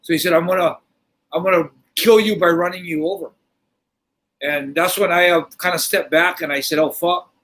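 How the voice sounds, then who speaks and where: A middle-aged man telling a story in casual podcast talk, animated and swearing freely, often restarting his sentences. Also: sits high, normal speed, low-quality recording. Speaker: podcast host.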